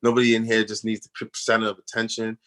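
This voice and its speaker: Animated slangy man telling stories. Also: fairly low pitch, quick pace. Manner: animated storyteller, acts out others' voices in quotes; slangy, repeats "you know what I'm saying". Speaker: guest actor on a radio show. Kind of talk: casual storytelling interview.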